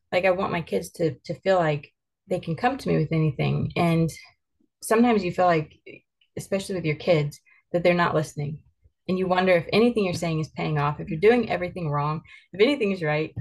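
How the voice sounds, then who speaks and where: A woman's voice: lowish voice, a little fast, vocal fry, a little mellow. A mother in an earnest, candid podcast conversation, telling stories and reflecting on how she raises her kids.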